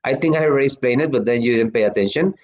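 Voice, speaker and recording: English teacher guy, rambly and chatty, lots of um and well, middle pitch, kinda muffled audio. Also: rapid-fire. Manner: chatty, lots of fillers and restarts. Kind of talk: online class, reading student chat.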